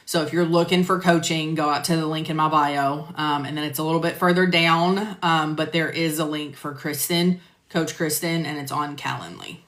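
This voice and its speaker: A woman teaches medical coding on a live stream, chatting casually, answering viewers by name, and using lots of fillers. Her voice sits low and is fairly bright at a moderate pace, picked up by a phone or computer mic with roomy echo.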